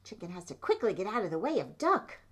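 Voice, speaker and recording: A woman's voice: mid-range voice, sing-song, fast talker, fairly bright tone, slight background noise. A woman reading a children's picture book aloud, asking the listener questions about the pictures as she goes. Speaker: storytime reader.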